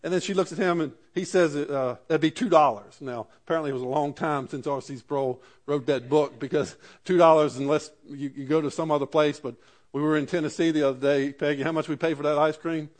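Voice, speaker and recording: A man's voice: fairly high pitch, fairly even intonation, brisk. A man preaching a sermon in a conversational way, building to emphatic peaks. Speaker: pastor.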